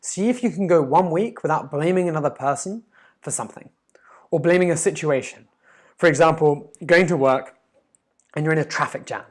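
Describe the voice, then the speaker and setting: A man giving an earnest, emphatic motivational talk as a life coach, with quick stammered restarts. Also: on the high side. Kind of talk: motivational monologue.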